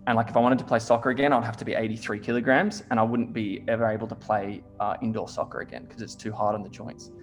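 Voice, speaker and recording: A man's voice: fairly low pitch, fast, hardly any pauses, soft background music. A young man, talking in a casual chat. He tells stories animatedly, fills his speech with "like" and swears often. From Australia. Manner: swears a lot, heavy use of "like", animated storytelling.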